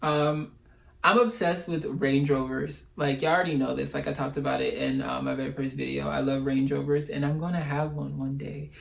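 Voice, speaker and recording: A man's voice: medium pitch, moderate pace, gravelly, poor audio. Young male vlogger, casual chat, slangy and theatrical. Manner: animated, slangy, dramatic.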